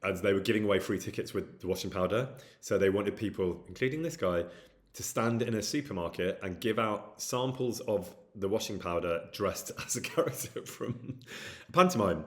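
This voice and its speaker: A man's voice: lowish voice, moderate pace. A man streaming casually, reading out viewer questions and answering them in a rambling way with many hesitant fillers. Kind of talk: casual live-stream chat.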